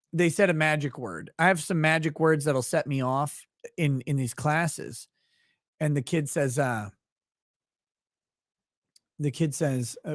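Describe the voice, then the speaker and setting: A Minnesota man hosts a livestream, reading chat and reacting as he rambles loosely, swearing and laughing often. His voice is a bit high for a man, and the sound is dry and close with no room or echo.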